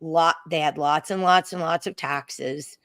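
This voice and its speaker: A middle-aged woman with an Oklahoma accent talks in a lowish voice, spinning a long story for her co-host. She is animated and chatty and slips into quoted voices. The sound is close and dry, with no room around it. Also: a little slow, dry recording. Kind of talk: casual chat, telling a travel story.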